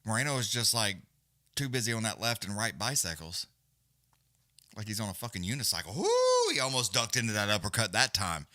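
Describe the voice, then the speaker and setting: A man's voice: lowish voice, expressive, brisk, pushed and bright, no echo, clean studio sound. A man giving loose, profane, casual live fight commentary as a companion-stream host. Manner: profane, blunt, loose, Southern-leaning slang.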